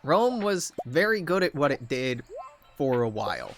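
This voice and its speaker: A man at his home streaming desk talks through a game in a loose, rambling way. He swears freely and wanders off topic in a mid-range, unremarkable voice. Quiet game music plays faintly in the background. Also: mid-range voice, sing-song, normal speed. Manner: rambling, digressive and profane. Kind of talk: casual rambling gameplay commentary.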